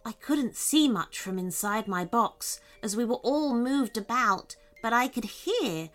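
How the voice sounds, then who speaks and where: A woman voicing a gentle, earnest little male lizard in a children's storybook reading, speaking softly. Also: fairly high pitch, expressive, measured pace, soft background music.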